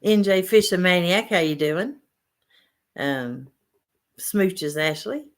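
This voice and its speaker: A woman's voice: lowish voice, lively intonation, slow pace. A woman hosting a casual fishing livestream, reading out chat names and greeting viewers. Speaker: livestream host.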